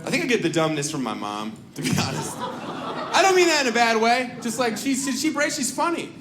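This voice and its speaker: Man, stand-up comedy, high voice, wildly swinging pitch, noisy echoey live recording. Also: brisk, crowd noise. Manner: animated, shouts and jumps into silly character voices. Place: comedy club stage.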